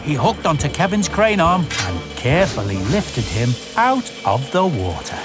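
A woman reading a children's storybook aloud in an expressive, animated way. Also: low voice, moderate pace, over music.

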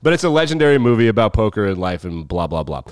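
A man's voice: fairly low pitch, big pitch swings, fast, clear, resonant tone, no echo, clean studio sound. A man co-hosting a podcast, casually explaining things step by step and swearing freely. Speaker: podcast co-host.

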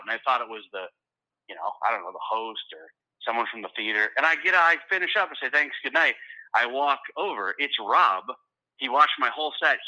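Animated comedian telling a story. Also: male voice, medium pitch, poor audio. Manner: animated, loose, repeats words when excited. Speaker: stand-up comedian and writer. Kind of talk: storytelling in casual conversation.

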